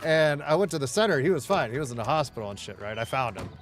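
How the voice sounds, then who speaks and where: A man's voice: mid-range voice, fast talker, soft background music. A middle-aged man telling stories while gaming, blunt, heavily profane and laughing often. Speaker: gaming streamer. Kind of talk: casual storytelling while gaming.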